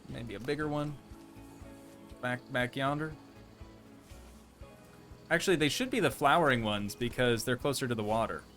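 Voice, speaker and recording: A man's voice: mid-range voice, moderate pace, pauses often, fairly bright tone. A man streaming a park-building game, chatting casually and playfully with his viewers in rambling asides. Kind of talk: casual game livestream chat. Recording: faint music in background.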